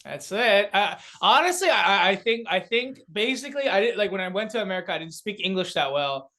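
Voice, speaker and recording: A young South Korean man with a high voice talks fairly quickly as a comedy podcast guest. He's a laughing, animated storyteller who uses plenty of fillers in this casual conversation.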